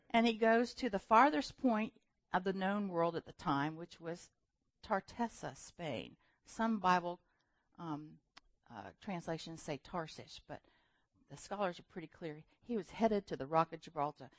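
Lively woman preaching a sermon. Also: mid-range voice, no room sound. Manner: lively storytelling, acting out voices with laughs.

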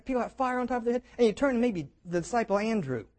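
Animated man preaching a sermon. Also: extremely high pitch, very fast. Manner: animated storytelling with jokes and invited imagining. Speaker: pastor.

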